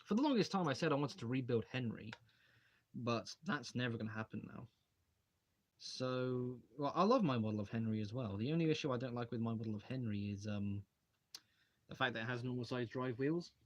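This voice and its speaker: Speaking a little fast in a medium-pitched voice, a young man livestreams from a desk in his home hobby room, casually rambling as he breaks down brick models and reads questions sent in by viewers.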